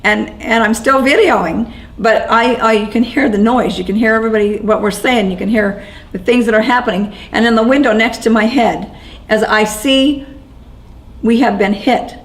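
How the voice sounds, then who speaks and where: A woman being interviewed, telling what she witnessed in a shaken, halting way, often restarting and repeating words. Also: fairly high pitch, poor audio. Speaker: interviewee recounting events as an eyewitness. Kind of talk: first-person eyewitness account.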